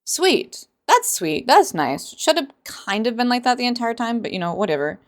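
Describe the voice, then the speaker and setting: A woman's voice: on the high side, big pitch swings, normal speed, hardly any pauses. A woman hosting a casual book reaction vlog, sarcastic and rambling, often laughing at her own jokes. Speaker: book reviewer.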